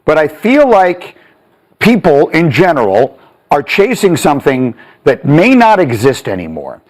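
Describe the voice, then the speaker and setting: A man hosting a morning sports talk show, playful and quick to laugh as he chats. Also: fairly high pitch, huge pitch swings, a little mellow.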